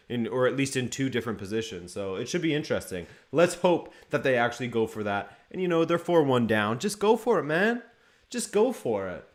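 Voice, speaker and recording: Chatty man hosting a football watchalong. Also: mid-range voice. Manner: chatty, reads chat names and greets viewers. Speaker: watchalong streamer host. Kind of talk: casual live-stream chat.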